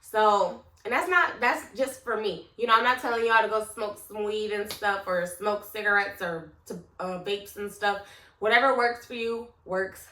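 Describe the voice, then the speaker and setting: A woman's voice: mid-range voice, moderate pace, bright, forceful tone. A woman in her late twenties, vlogging at home in a rambling, candid way and talking straight to her viewers. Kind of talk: casual vlog chat. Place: room at home. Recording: echoey room, mic at a distance.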